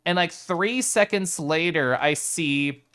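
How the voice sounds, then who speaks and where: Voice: medium pitch, slow, fairly bright tone. A live streamer chatting casually with viewers in a playful way, laughing often and greeting viewers by name.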